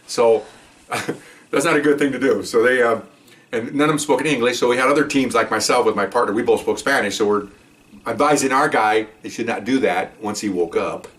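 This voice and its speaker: An older man rattles through a patrol story at a quick clip, wandering into asides and checking in with his listener. His voice comes from some distance away from the mic. He tells it casually, as a retired cop. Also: on the low side. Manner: rambling, with many asides and "okay?" check-ins. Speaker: retired police officer telling stories.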